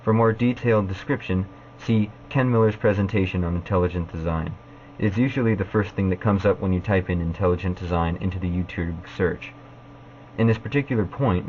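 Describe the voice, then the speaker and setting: A man with a very deep, low voice talks straight to camera in a casual vlog rebuttal. He speaks haltingly, filling gaps with "uh". The audio is dull and lo-fi, with a faint hiss underneath. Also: darkish tone. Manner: halting, with frequent "uh" fillers. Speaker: vlogger.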